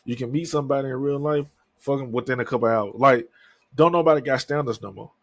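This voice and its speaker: A thirtysomething man hosting a podcast alone talks at a quick pace in a medium-pitched voice. The dry recording captures a casual monologue that's candid and rambling, peppered with swearing.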